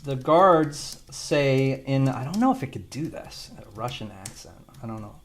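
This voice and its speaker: Laid-back male tutorial host, unhurried, rambling delivery with casual profanity. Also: mid-range voice, expressive. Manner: loose, rambling, swears casually, thinks aloud. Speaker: video creator demonstrating an AI video tool. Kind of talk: casual screen-recorded tutorial.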